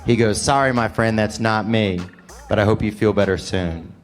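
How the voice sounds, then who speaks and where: A man's voice: on the low side, moderate pace, soft background music. A man doing stand-up comedy, telling a rambling story with a wry delivery.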